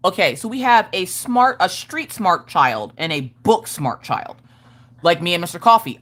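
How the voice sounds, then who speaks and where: Frank, lowish-voiced mom chatting on a stream. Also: female voice, normal speed. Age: adult parent of school-age children. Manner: frank, profane, animated storytelling. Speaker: live-stream host. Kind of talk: casual live-stream chat.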